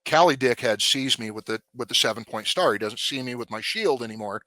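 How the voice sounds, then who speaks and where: A man's voice: mid-range voice, fairly quick. A man, a former police officer, telling his story in a casual, blunt and profane way. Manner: blunt, profane, animated retelling.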